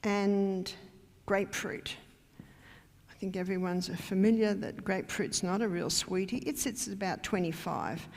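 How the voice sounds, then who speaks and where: An Australian health educator lectures in a church hall, where long reverb trails her words. Her mid-range voice is a little slow, and she speaks emphatically while quizzing the audience with questions.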